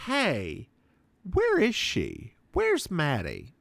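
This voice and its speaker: A man's voice: fairly high pitch, extremely slow, gravelly, no room sound. A man co-hosting a podcast, camply recapping a TV episode in casual chat and acting out the lines. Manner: camp, animated retelling with put-on voices. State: voice worn from doing accents. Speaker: podcast co-host.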